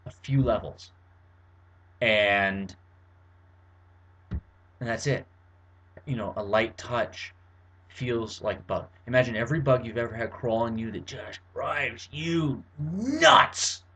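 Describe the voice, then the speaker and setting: A man's voice: medium pitch, lively intonation, takes it slowly, long pauses, bright, forceful tone, slightly rough. A young man with a mid-range voice talks to his camera from his bedroom. He is wordy and roundabout, piling up fillers, restarts and asides as he explains. The sound is a plain home recording. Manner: rambling, verbose, many fillers and restarts. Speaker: vlogger. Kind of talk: casual explanatory monologue to camera.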